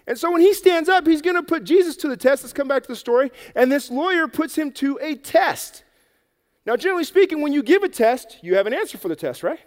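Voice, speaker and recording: A man telling a Bible story to children in a lively, playful way, acting it out and getting out of breath. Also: very high voice, fairly quick, long reverb tail. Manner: energetic, playful, acts out the story. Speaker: children's preacher. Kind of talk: animated Bible story for kids. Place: church hall with an audience.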